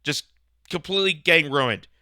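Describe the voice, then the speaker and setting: A man's voice: on the high side, normal speed, bright, forceful tone, dry recording, clean studio sound. A man hosting a political reaction commentary, ranting sarcastically with heavy emphasis. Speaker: commentary host.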